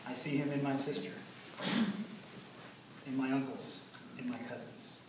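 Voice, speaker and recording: A man giving an earnest memorial speech about his late father, telling stories with many pauses. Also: medium pitch, fairly even intonation. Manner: earnest, storytelling, pauses often. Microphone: far from the recording mic. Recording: echoey hall from far off, noisy.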